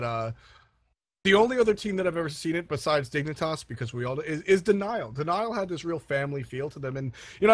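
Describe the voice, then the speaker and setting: A man casting an esports match, chatty and quick to laugh, often restarting his sentences. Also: on the high side, fairly bright tone, no room sound. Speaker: esports caster. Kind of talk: play-by-play commentary.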